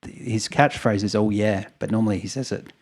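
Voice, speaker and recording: A man's voice: on the low side, quick pace, slightly rough. A man, co-hosting a podcast, retelling events in a rambling, wry way with chuckles. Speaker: podcast co-host. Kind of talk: casual storytelling chat.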